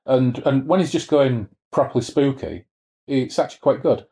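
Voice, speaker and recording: A man co-hosting a podcast, chatting casually about a horror novel and reading from it, relaxed and a little hesitant. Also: medium pitch, moderate pace. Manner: relaxed, with hesitant fillers and restarts. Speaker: podcast co-host discussing a book.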